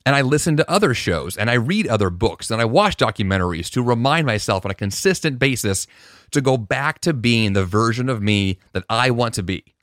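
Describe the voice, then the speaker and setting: A man talks through his podcast alone, earnest and reflective, often backing up and restarting a thought. His voice sits in a middle pitch. The sound is dry and close, with no room around it. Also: lively intonation, fairly quick, a bit bright, dry recording. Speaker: podcast host. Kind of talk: casual solo podcast monologue.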